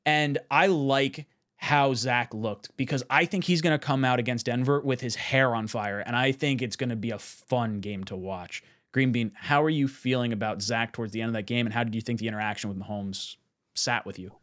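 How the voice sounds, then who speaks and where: A man's voice: medium pitch, moderate pace, a bit bright. Easygoing man hosting a sports show. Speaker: podcast host. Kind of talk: casual sports talk, reading live chat.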